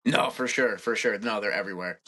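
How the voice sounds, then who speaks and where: A man's voice: fairly low pitch, a little fast, bright, forceful tone. A young man in his twenties, a podcast guest, chatting casually and rambling with lots of filler words. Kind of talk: casual chat.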